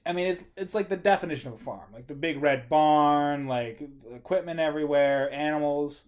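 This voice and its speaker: A man co-hosting a casual podcast, telling a story in an animated way and laughing as he goes. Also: fairly high pitch, normal speed. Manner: animated, acts out his own story with laughter. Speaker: podcast co-host.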